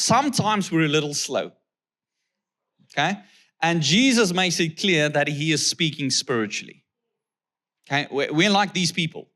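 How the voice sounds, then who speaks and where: South African male guest preacher, somewhat high voice, reads scripture and then questions the crowd. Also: expressive, normal speed, long pauses, sharp tone. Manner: keeps checking in with "okay?". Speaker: guest pastor. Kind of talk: sermon with scripture reading.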